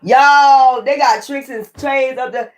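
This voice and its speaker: Profane, animated woman ranting. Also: high-pitched, takes it slowly. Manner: profane, animated, exasperated storytelling. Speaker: tarot reader. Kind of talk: casual rant to viewers.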